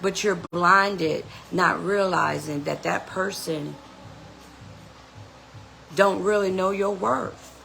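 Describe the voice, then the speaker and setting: A woman's voice: fairly low pitch, takes it slowly, vocal fry, long pauses, pushed and bright, faint music behind, low-quality recording. A woman hosting a podcast, giving an earnest, motivational self-help talk and often saying "you know". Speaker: podcast host.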